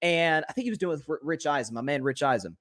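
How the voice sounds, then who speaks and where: Talking fast in a voice on the high side, this sports podcast host runs a solo talk show. He's lively and full of opinions, frequently repeating words as he thinks.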